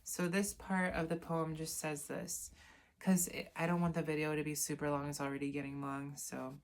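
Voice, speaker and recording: A woman's voice: deep voice, flat delivery, normal speed. A woman reading from a self-help book in a casual lesson, adding chatty asides and correcting herself as she goes. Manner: reads aloud, then adds chatty asides and self-corrections.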